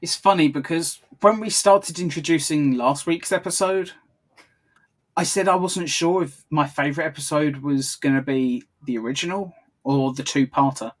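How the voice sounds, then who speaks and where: A man's voice: fairly high pitch, normal speed. A man co-hosting a casual episode commentary podcast, chatty and rambling, laughing often as he talks. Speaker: podcast co-host.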